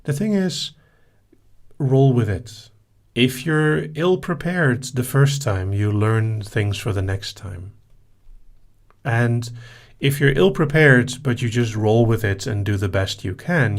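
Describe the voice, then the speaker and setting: A man hosting a live session, reading listener questions aloud and answering them in a relaxed, casual way. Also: mid-range voice, slow, vocal fry. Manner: relaxed, reads out questions then answers briefly.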